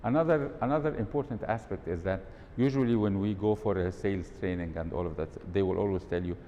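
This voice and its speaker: In a muffled recording, a fast-talking man with a mellow voice leads a live workshop in an event hall. He quizzes the audience and demonstrates tones of voice, with long hall reverb and a faint rumble around him.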